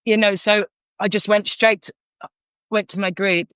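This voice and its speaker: A woman's voice: medium pitch, moderate pace, clear, resonant tone, dry recording. A middle-aged woman from North London with a London accent, telling a candid story as a podcast guest, frank and full of restarts. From North London, England. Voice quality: frank, animated, many restarts. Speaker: guest, counsellor. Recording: dull lo-fi sound.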